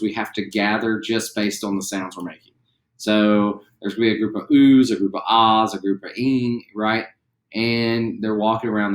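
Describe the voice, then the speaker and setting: A young man with a West Virginian accent teaching a recorded theatre class in a relaxed, chatty way, with lots of fillers. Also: lowish voice, echoey room. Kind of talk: recorded online class lesson.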